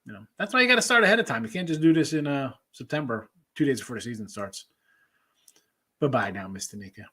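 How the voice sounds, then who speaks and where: A man's voice: mid-range voice, animated, fast talker, sharp tone, slightly rough. A man hosting a sports betting show, chatting loosely with viewers and jumping between topics. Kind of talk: casual livestream chat reading viewer comments.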